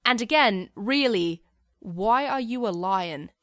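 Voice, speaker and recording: A woman's voice: medium pitch, lively intonation, slow pace, a bit bright, no room sound, studio quality. A woman voicing an exasperated, curious male Jedi hermit, asking incredulous questions in a storytelling reading. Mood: questioning.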